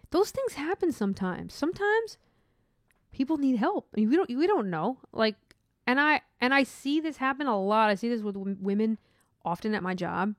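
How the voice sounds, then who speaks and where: A woman's voice: medium pitch, expressive, fairly quick, dry recording, clean studio sound. A woman who works in hospital imaging, talking earnestly and rambling with restarts in a casual spiritual monologue. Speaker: hospital MRI worker.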